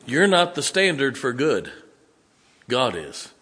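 A man's voice: mid-range voice, huge pitch swings, slow, bright, forceful tone. A man preaching a sermon, folksy, joking and blunt as a pastor speaking to his congregation.

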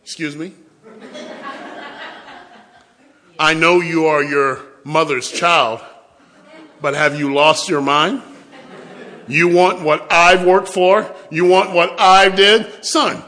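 A man's voice: on the high side, steady tone, slow, bright, forceful tone. A man acting out a stern, exasperated father scolding his son during a sermon. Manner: incredulous scolding.

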